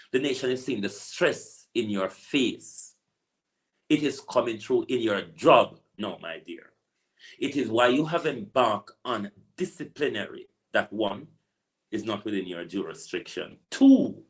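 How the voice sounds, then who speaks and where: A man with a Jamaican accent, an online political commentator delivering a preachy, repetitive rant full of rhetorical asides. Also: lowish voice. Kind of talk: ranting monologue.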